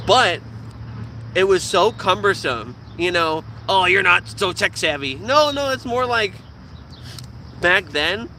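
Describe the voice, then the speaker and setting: A young man with a nasal, squeaky voice, chatting casually and profanely to his live viewers. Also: bright, forceful tone, a little hiss or hum. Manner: profane, joking, talks with teeth hidden. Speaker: vlogger streaming live. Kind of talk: casual rambling chat.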